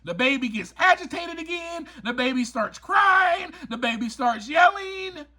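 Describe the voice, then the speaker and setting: A man hosts a motivational podcast in an emphatic, preachy way, circling back to repeat his points. His voice sits high and bright. He talks slowly and with lots of swing in pitch. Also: lively intonation. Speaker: podcast host and author. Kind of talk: motivational recovery podcast talk.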